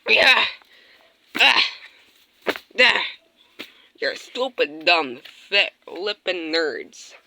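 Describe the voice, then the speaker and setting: A woman's voice: fairly low pitch, sing-song, very slow, creaky, long pauses, bright, forceful tone, slight background noise. A woman voicing plush toys in a skit, screaming and gasping dramatically. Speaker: plush toy video narrator.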